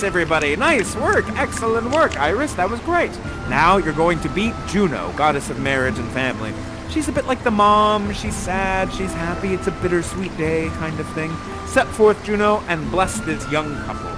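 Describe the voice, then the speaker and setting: A man hosting an interactive theater show, effusive and theatrical, moving between recited verse and cheering on his audience. His voice sits a bit high and moves freely, with music playing underneath. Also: expressive, moderate pace, low-quality recording.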